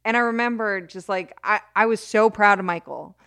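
A woman as an interview guest, telling a story in an animated way with many restarts and bursts of laughter. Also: mid-range voice, moderate pace, clean tone, no echo, studio quality. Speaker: interview guest, criminal justice advocate.

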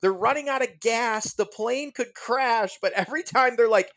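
A man hosting a casual podcast chat, animated and laughing often as he tells stories. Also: very high-pitched, moderate pace, hardly any pauses. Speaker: podcast host.

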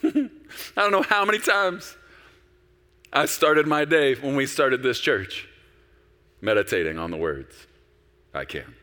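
A man preaching a sermon as a pastor, animated and conversational, acting out quoted voices. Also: mid-range voice, unhurried, pauses often, in a large hall.

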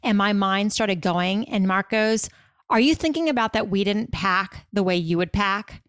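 A woman co-hosting a podcast, chatting casually and telling stories in an effusive, quick way, full of "like"s. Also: mid-range voice, fairly bright tone, smooth, no echo, studio quality. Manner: effusive, quick storytelling with many "like"s. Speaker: podcast co-host. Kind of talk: casual chat.

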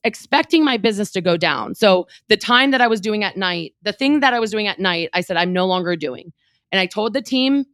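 A woman in her thirties, a real estate team leader, telling a candid personal story in an interview, animated and emotional, with lots of "like" fillers. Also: mid-range voice, dry recording, clean studio sound.

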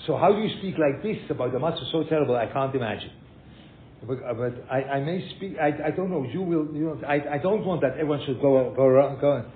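An older man teaching a class as a rabbi, animated, repeating words and mixing in Yiddish and Hebrew terms. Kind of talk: lecture with questions from students. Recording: phone-like echoey room with faint rumble.

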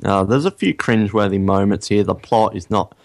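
A man co-hosts a casual film-review podcast in a low voice. He talks in a measured, easygoing way and pauses often with ums while he thinks aloud. The recording is close and dry. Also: no room sound. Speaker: podcast co-host.

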